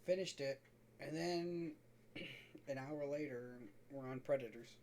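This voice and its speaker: A man's voice: medium pitch, takes it slowly, darkish tone, a little hiss or hum. A young man co-hosting a podcast, chatting casually, swearing a lot and telling stories with laughter. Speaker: podcast co-host. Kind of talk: casual chat.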